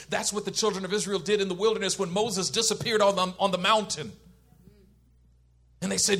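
A male preacher with a high, husky voice and a bright, forceful edge. He swings from loud emphatic lines to hushed, intense ones. He laughs his way through a story from his childhood. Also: brisk. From Oakland, California. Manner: animated, shifts between loud emphasis and quiet intensity; laughs while telling a personal story. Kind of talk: sermon with storytelling.

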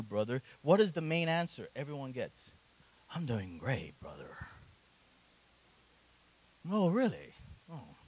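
A middle-aged man, a guest pastor, preaching a sermon and addressing the congregation directly with frequent "right?", rising to shouts at the high points. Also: no echo, rough recording. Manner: animated, rising to shouts at peaks.

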